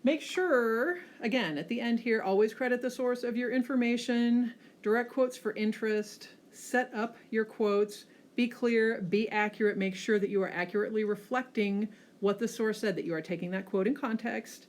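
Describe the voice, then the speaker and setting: A woman teacher giving a classroom lecture over slides, often checking in with a quick "okay?" and pushing hard on key words. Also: fairly high pitch. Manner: frequent checking "okay?" tags, lively emphasis.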